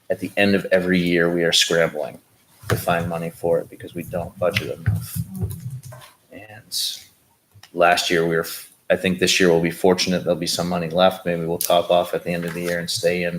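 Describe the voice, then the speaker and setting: A low-pitched man speaks in a flat, even tone as he reports budget items at a public meeting. He talks in a plain, businesslike way, with frequent ums and uhs. A faint hiss sits under the meeting-room mic. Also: poor audio. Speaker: school district official.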